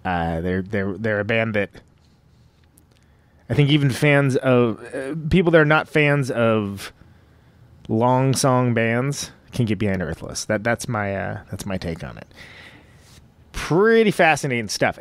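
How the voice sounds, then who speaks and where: A man's voice: medium pitch, expressive, measured pace, no echo. A man hosting a podcast, talking loosely through his intro with rambling, self-mocking asides from home. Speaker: podcast host. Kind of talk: casual podcast intro monologue.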